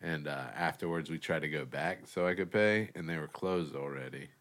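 A man's voice: rumbling low, moderate pace, fairly bright tone. A young adult man co-hosting a podcast, telling a story in laid-back casual chat and swearing freely. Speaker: podcast co-host.

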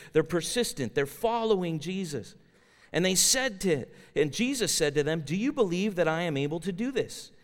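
A man preaching a sermon in a university chapel, earnest and asking the listeners direct questions. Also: a little high. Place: large chapel. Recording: long hall reverb in a chapel.

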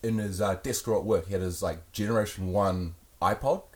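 A man's voice: deep voice, fairly quick. A man appearing as a guest on a casual podcast, chatty and rambling.

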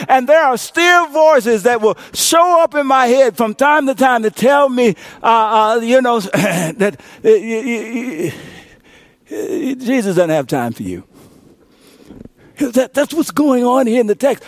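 A man in his fifties preaching a sermon as pastor, building to shouted call-and-response. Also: extremely high pitch, unhurried, no room sound, clean studio sound. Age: 50s.

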